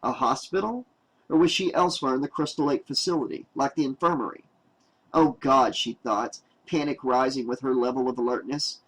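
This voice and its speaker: A man reading an unabridged novel aloud as an audiobook narrator, in a steady, measured way. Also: fairly high pitch, poor audio.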